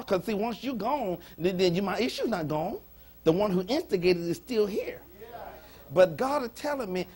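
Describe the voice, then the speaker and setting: Husky-voiced preaching man in church. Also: high voice. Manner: emphatic preaching with call-and-response, repeats lines for emphasis. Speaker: pastor. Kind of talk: sermon. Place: church sanctuary.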